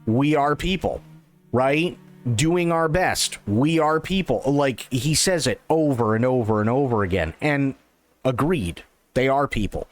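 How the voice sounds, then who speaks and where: Animated man streaming, lively pitch. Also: a little slow. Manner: animated, repeats himself, stammers on restarts. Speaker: livestream host reacting to an interview. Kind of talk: casual reaction commentary.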